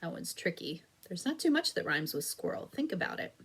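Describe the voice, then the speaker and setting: A woman's voice: on the low side, sing-song, brisk, gravelly, fairly bright tone, breathy edge. A woman teaching an early reading lesson for young children, patient and encouraging, sounding out and stretching words carefully. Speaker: elementary school teacher. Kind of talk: slow, clear phonics lesson video for children.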